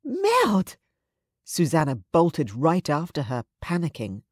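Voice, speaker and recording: A woman narrating a romance audiobook in an even, measured storytelling voice. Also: deep voice, no echo, studio quality. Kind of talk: scripted narration.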